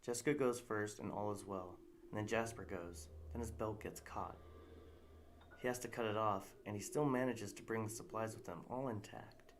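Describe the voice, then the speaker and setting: A man's voice: on the low side, fairly even intonation, moderate pace, slight background noise. A man reading a story aloud in a live narration, casual and unpolished, with restarts.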